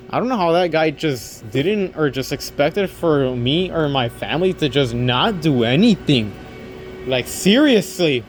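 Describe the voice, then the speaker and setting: A young man casually telling a story to camera, rambling, restarting sentences and quoting what others said. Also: fairly high pitch. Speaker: vlogger and overnight convenience store clerk.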